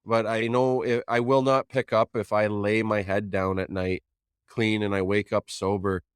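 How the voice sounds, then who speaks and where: A man's voice: fairly low pitch, little pitch movement, normal speed, clear, resonant tone, no echo, clean studio sound. A man hosting a podcast, speaking earnestly and plainly about recovery and family. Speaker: podcast host. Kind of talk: conversational interview.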